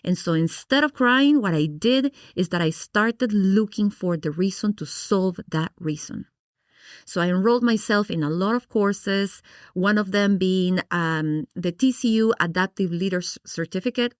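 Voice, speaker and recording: A middle-aged woman from Guatemala, a podcast guest, telling her story in an animated, expressive way and acting out her past reactions. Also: medium pitch, moderate pace, no room sound, studio quality. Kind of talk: personal storytelling in an interview.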